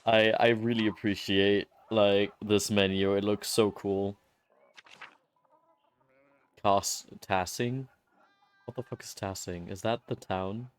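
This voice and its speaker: Slow, low-voiced male gaming streamer. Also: steady tone, clear, resonant tone. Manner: chatty, easily delighted, swears. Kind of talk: casual gameplay commentary.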